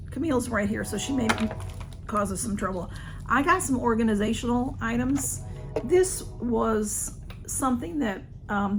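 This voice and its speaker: Woman vlogger, rambling chatty haul talk, slightly hoarse, higher voice, faint room hum. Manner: chatty, rambling, talks to her cats. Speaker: vlogger reviewing a shopping haul. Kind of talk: casual haul video chat. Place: home.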